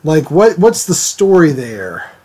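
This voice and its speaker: Man, fairly high voice, casual livestream chat, rambling, laughs a lot, answering chat. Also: very animated, slow pace, dark tone. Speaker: art livestreamer.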